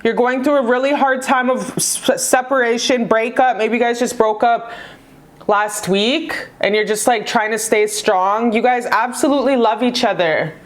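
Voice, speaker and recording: A woman's voice: fairly high pitch, normal speed. A woman reading tarot in casual chat, effusive and affectionate, swearing freely as she talks to viewers. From Canada. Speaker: tarot reader.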